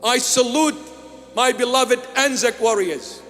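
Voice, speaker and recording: A bishop from Iraq preaching a sermon, solemn and emphatic, delivering short measured lines and repeating key phrases. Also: male voice, extremely high pitch, a bit bright. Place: large church. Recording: long church reverb with faint music.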